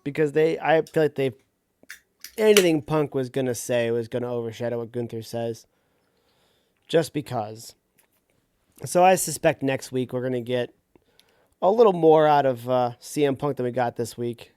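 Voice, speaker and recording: Smooth-voiced man in casual chat. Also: medium pitch, normal speed, long pauses, a little mellow, no echo, clean studio sound. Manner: rambling, loose, laughs easily. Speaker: podcast co-host.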